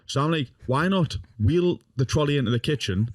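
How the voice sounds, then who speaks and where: A man's voice: a little high, expressive, normal speed, no room sound. A young man telling a rowdy story in casual podcast chat, swearing constantly and laughing as he goes. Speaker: podcast guest.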